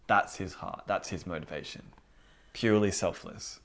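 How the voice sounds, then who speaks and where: A man's voice: low voice, normal speed, vocal fry, a bit bright, a little hiss or hum. A man teaching a Bible lesson in a casual, conversational way, asking the room rhetorical questions. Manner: informal, rhetorical questions, acts out inner voices. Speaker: preacher.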